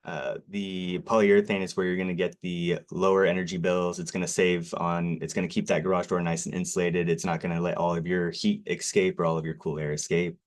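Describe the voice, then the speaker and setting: On a local TV sales presentation, a man from a garage door company talks nervously about his work, piling on fillers and apologies and running himself down. His voice is deep and level, and he moves briskly with hardly any pauses.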